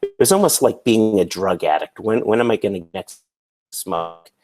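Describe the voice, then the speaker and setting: A man's voice: fairly low pitch, animated, moderate pace, darkish tone, dry recording. A man who is a guest on a podcast, casually telling earnest, rambling anecdotes. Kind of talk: casual chat.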